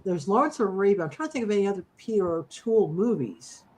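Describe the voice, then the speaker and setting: A man's voice: sits high, very animated, fast talker, darkish tone, a little hiss or hum. A man in a casual chat as co-host, thinking aloud while he tries to recall actor names.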